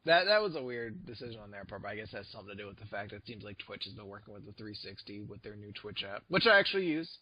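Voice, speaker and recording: A man's voice: on the low side, big pitch swings, very fast, hardly any pauses, bright, forceful tone, a little hiss or hum. A man co-hosting a podcast in casual chat, joking and swearing, now and then slipping into silly put-on accents. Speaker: podcast co-host.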